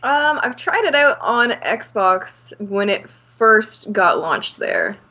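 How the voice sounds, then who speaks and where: Woman guest, casual and hesitant, lively pitch. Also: slow pace. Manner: hesitant, filler-heavy. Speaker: streamer guest. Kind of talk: casual podcast chat.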